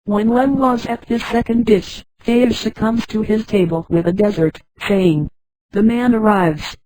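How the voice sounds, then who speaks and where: Mellow synthetic woman narrator. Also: fairly high pitch, a little slow, dry recording, rough recording. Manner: flat synthetic reading, reads punctuation names aloud. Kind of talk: scripted narration.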